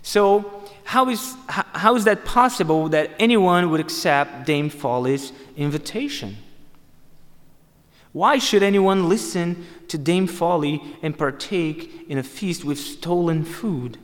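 A man's voice: on the high side, expressive, slow pace, a bit bright. A man preaching a sermon, emphatic and repeating phrases for stress. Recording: long hall reverb.

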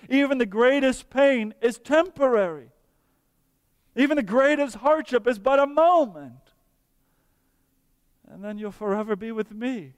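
Earnest high-voiced male preacher. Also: clear, resonant tone, no room sound, big-room sound. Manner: earnest, slows for emphasis, drops to soft tones. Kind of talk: sermon.

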